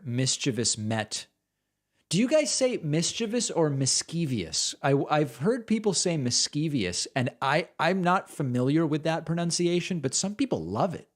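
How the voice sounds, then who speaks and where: A man's voice: a little high, lively intonation, normal speed. A man hosting a live stream, chatting casually and rambling as he reads out supporter names. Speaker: host. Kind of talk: casual livestream chat.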